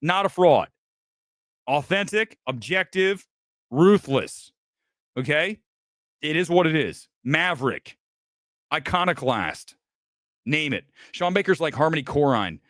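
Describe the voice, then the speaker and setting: A man's voice: on the high side, a little slow, long pauses, no echo. Fiery man ranting on a film show. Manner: combative, profane, animated ranting with repeated emphasis. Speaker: host. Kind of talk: opinionated film talk show rant.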